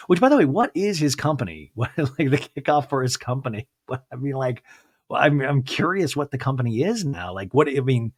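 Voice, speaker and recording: Guy in his 30s rambling through a tv recap, mid pitch, pops into squeaky voices for quotes, dead dry mic. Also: expressive, normal speed, no room sound. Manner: rambling, acts out quotes in high put-on voices. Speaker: podcast host. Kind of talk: solo TV recap podcast, casual chat.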